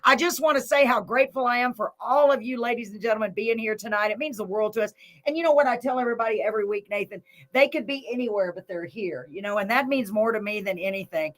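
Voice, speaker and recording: A woman's voice: on the high side, fast, fairly bright tone. A woman hosting a live show, folksy and gushing, laughing often. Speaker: host. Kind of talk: casual live show chat.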